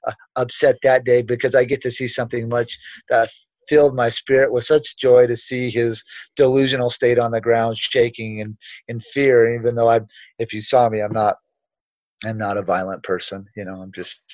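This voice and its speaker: A man's voice: medium pitch, level tone, moderate pace, a little mellow, no room sound. A man telling a long story in casual conversation, rambling and self-assured, with many restarts and asides. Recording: dull, dry, lo-fi sound.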